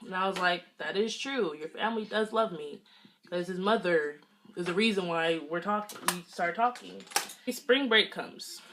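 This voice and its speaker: A young woman from the Los Angeles area tells a story while she does her makeup. Her voice sits a little low, and her manner is chatty and animated. She switches into voices for the people she quotes. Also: moderate pace, background noise. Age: young adult. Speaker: beauty vlogger.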